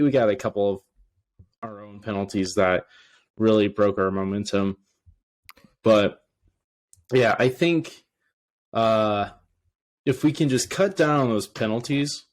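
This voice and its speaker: A man co-hosting a sports podcast, chatting casually and excitedly with frequent restarts. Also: medium pitch. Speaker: podcast co-host.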